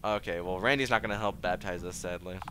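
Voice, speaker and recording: A man's voice: deep voice, fast, music in the background. A man casually narrating his choices in a laid-back, joking way while streaming a game. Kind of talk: casual live game commentary.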